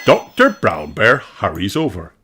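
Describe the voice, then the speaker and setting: Brief: man reading a children's storybook aloud, slow and sing-song, mid pitch, audible hiss. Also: huge pitch swings, over loud music. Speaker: storybook reader. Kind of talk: children's read-aloud narration.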